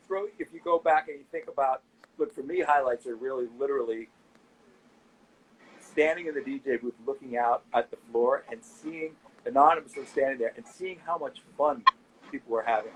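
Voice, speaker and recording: A middle-aged man in a casual interview, telling animated anecdotes and quoting people as he goes. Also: medium pitch, slight background noise, rough recording. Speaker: nightlife owner and guest.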